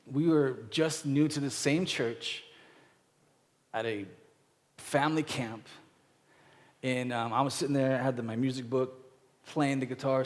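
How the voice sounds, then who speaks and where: A man's voice: mid-range voice, a little mellow. A man in his thirties preaching a conversational sermon, rambling through personal stories with many fillers and acted-out quotes. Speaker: pastor. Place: church sanctuary. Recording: church hall reverb.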